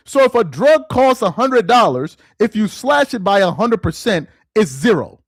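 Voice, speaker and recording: A man hosting a live-stream commentary, reading aloud slowly with heavy emphasis and mocking what he reads. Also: high-pitched, very animated, slightly rough, dry recording, studio quality. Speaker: political commentary host.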